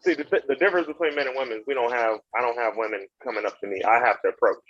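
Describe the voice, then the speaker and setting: Man, Southern accent, casual host chat, quick with repeats, dull lo-fi mic. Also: mid-range voice, fairly bright tone, no room sound. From North Carolina. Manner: quick, repeats words as he talks.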